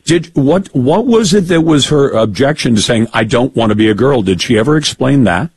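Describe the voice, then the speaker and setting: A man's voice: mid-range voice, expressive, normal speed, breathy edge, no echo. A man hosting a call-in radio talk show, chatting easily with a caller.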